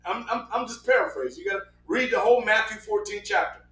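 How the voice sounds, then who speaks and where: A man preaches with a high, ringing voice and animated delivery, breaking into sudden shouts and rushing through quick asides. He sounds a little off-mic, and the room echoes around him. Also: far from the mic. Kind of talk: sermon.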